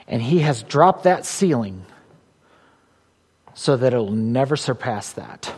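Preaching in a large hall, this pastor speaks in a mid-range voice with lively intonation and a slow pace. He stresses his points, circles back to key phrases, and moves from booming declarations to soft, personal remarks, with slight hiss or hum audible.

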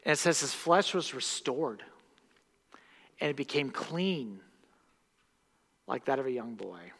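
A man preaching a sermon as pastor, impassioned, swinging from hushed words to loud bursts. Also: mid-range voice, lively intonation, takes it slowly, gravelly. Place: church sanctuary. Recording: long reverb of a church hall.

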